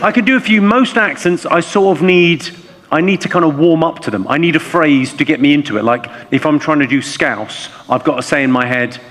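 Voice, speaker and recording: Deadpan English stand-up comedian on stage. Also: male voice, a little high. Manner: deadpan, quick comebacks. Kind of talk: stand-up comedy with crowd work. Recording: live theatre, long reverb and loud noise.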